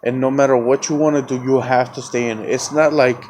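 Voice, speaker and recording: A man's voice: mid-range voice, steady tone, a little fast, darkish tone, a little hiss or hum. A man hosting his own podcast, telling a story in a casual, rambling, heavily profane way. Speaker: podcast host.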